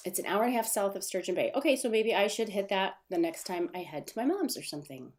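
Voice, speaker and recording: A woman with a lowish, darkish, expressive voice talks briskly. She hosts a casual livestream from her desk at home, rambling along, reading viewers' comments aloud, and laughing at her own stumbles.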